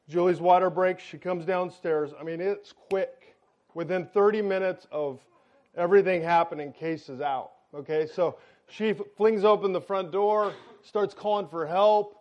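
A high-pitched man tells a story from the pulpit, lively and chatty, turning to his listeners again and again. The recording sounds dull and lo-fi. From United States. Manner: animated storyteller, talks to the audience directly. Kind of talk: storytelling sermon to a congregation.

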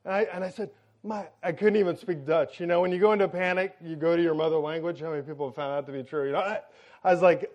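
A high-pitched man tells a story from the pulpit, lively and chatty, turning to his listeners again and again. The recording sounds dull and lo-fi. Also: quick pace. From United States. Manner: animated storyteller, talks to the audience directly. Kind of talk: storytelling sermon to a congregation.

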